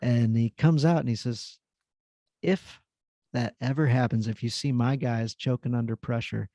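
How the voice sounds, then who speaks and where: A male podcast host with a mellow, dark-toned voice, casual and affirming. He tells anecdotes with enthusiasm, and the recording sounds dry and close. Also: mid-range voice, fairly even intonation, normal speed, dry recording.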